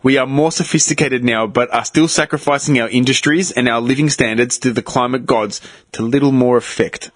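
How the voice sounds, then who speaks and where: A man's voice: medium pitch, fairly even intonation, brisk, dry recording. A man co-hosting a podcast, laid-back and sarcastic, reading articles out to the others. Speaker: podcast co-host. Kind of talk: casual chat.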